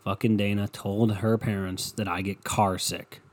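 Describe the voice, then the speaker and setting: A man's voice: fairly low pitch, level tone, measured pace. A young adult man hosting a podcast, talking in a loose, profane, rambling way as he tells stories. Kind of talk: casual rambling rant.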